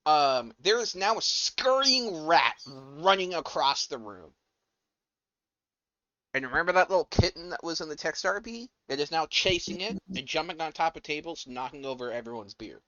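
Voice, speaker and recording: Lively, bright-voiced game master. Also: male voice, fairly high pitch, normal speed, lo-fi sound. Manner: playful, laughing narration. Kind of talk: narrating a tabletop game. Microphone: voice chat.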